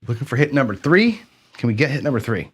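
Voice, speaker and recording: A man's voice: mid-range voice, big pitch swings, quick pace, fairly bright tone, a little hiss or hum. A man hosting a craps channel, talking casually through a live dice session, chatty, repeating words for emphasis and correcting himself as he goes. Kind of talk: casual livestream commentary on a dice game.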